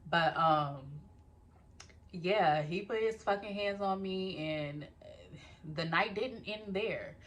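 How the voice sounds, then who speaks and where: A young woman telling a personal story in a casual vlog, talking straight to her viewers, animated and swearing freely. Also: medium pitch, slow, muffled recording.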